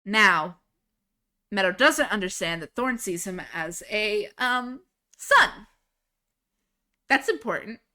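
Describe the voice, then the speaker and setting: A young adult woman streamer in casual chat, excitable, swearing and laughing often as she talks about her own story. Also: mid-range voice, takes it slowly, pauses often. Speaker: livestreamer.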